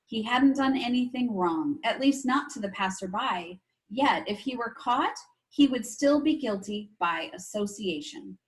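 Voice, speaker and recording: A woman teacher reading a chapter book aloud to her class, expressive and stopping to explain things to the children. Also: fairly high pitch, unhurried, low-quality recording. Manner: expressive, asides to young listeners.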